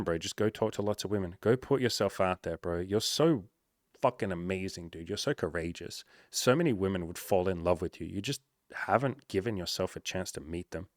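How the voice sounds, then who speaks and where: A man's voice: deep voice, no echo, studio quality. A young man in casual advice talk as a dating coach, hyped and profane, calling the listener "bro" and acting out the quotes.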